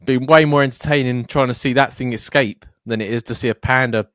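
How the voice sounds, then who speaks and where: Bloke ranting on a podcast, mid voice, dead dry sound. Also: male voice, medium pitch, fairly even intonation, brisk, a bit bright, no room sound. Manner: swearing, ranting, jokey. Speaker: podcast co-host. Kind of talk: casual chat.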